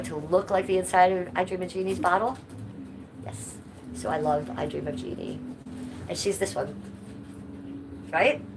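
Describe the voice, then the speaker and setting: A woman streaming live from home, chatting loosely and reading out viewer comments as she goes. Her voice sits a bit low, and a steady background noise runs under it. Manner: chatty, reads chat aloud and answers viewers. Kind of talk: casual live-stream chat. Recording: noisy background.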